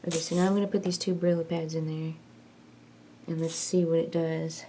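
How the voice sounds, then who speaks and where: A woman's voice: sits low, little pitch movement, brisk, warm tone, a little hiss or hum. A woman vlogging in a casual chat, rambling and self-mocking as she tinkers and jokes.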